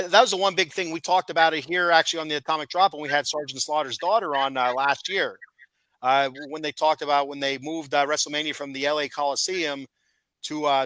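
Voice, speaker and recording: A man hosting a podcast, explaining things with frequent stammering restarts. His voice is bright and pressed, fairly high, and recorded dry and close. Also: no echo, poor audio. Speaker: podcast host. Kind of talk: casual wrestling chat.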